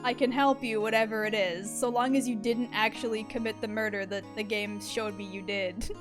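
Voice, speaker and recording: A woman's voice: mid-range voice, fairly even intonation, normal speed, over music, lightly acted. A woman reading an earnest young defense attorney.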